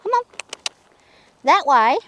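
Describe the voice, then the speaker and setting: A woman riding a horse outdoors, talking her nerves out loud and soothing her mount in a casual vlog. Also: sits high, big pitch swings, slow pace, no room sound, dull audio. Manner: anxious, thinking aloud, soothing her horse. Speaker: horse rider vlogger. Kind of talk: casual narration while riding. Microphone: camera held by a companion.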